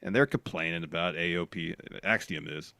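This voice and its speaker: A low-voiced man recaps the week's matches like a co-host walking through his notes. His delivery is steady and matter-of-fact. The sound is close and dry, with no room around it. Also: normal speed, creaky, no room sound. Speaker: podcast co-host. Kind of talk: casual wrestling recap.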